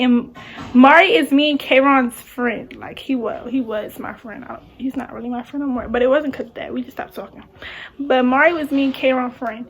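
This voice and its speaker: A young adult woman telling a story on her vlog in casual chat, animated and slangy, full of "like"s. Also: a little high. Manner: animated, talks with many "like"s and slang. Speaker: vlogger.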